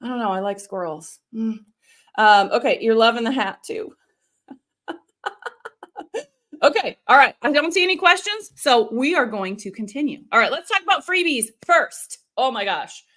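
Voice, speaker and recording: Hosting a live stream as an online video coach, this woman teaches her audience in a relaxed, informal way. Her voice is a touch high, and she keeps things animated and talkative, frequently slipping in brief side comments.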